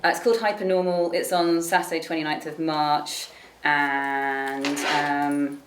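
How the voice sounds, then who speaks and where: A relaxed woman hosting a casual chat and reading out local event notes. Her voice is low. The room gives her voice a noticeable echo. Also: unhurried, noisy background. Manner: relaxed, reads out event listings. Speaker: host. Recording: echoey room.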